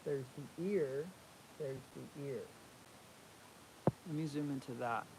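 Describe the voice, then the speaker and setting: A man's voice: medium pitch, slow pace, very noisy. A man teaching figure drawing, talking through a live sketch with energy and repeating key phrases as he draws. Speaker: art instructor.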